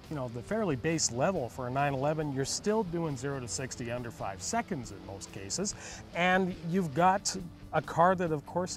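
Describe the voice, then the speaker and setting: A man co-hosting a car review show, explaining features in an enthusiastic, chatty way. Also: a little high.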